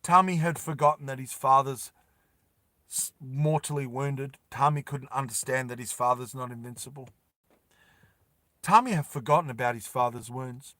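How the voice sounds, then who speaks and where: A man narrating a story dramatically, repeating lines and dropping soft for emotional moments. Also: mid-range voice, normal speed, no room sound, studio quality.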